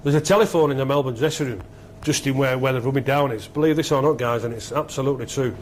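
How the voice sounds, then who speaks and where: Excitable man telling stories. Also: medium pitch, fast talker, slight background noise. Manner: excitable, rambling, repeats himself. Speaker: former rugby league captain, guest. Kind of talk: animated storytelling interview.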